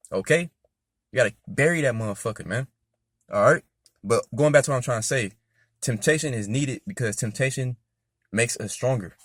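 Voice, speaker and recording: A man reads scripture in a medium-pitched voice and breaks off into loose, emphatic commentary, calling out "man" and "all right?" between thoughts. The sound is dry, with no room echo. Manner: reads verses louder and slower, with sudden shouts of praise. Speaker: scripture reader and preacher. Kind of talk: casual scripture reading with commentary.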